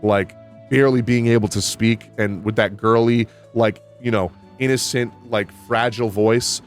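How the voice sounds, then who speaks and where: A man reviewing a video game update in casual, candid talk, excitable and quick to swear. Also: on the low side, faint music behind. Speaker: gaming YouTuber.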